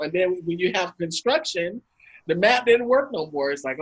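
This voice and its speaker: Woman host with a husky, breathy edge, chatting casually on a video call and acting out her stories. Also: on the high side, brisk, low-quality recording. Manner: animated anecdotes, acts out quotes with laughs. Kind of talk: casual storytelling talk.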